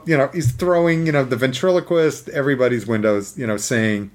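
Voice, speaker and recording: A man telling a story in casual chat, animated, using many fillers and acting out the scenes. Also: mid-range voice, a little fast, few pauses.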